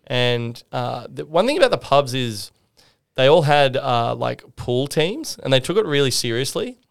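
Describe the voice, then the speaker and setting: A man's voice: medium pitch, moderate pace, vocal fry, smooth. Laughing Australian man telling a story. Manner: animated, laughing, acts out other people. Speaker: podcast guest. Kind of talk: casual storytelling.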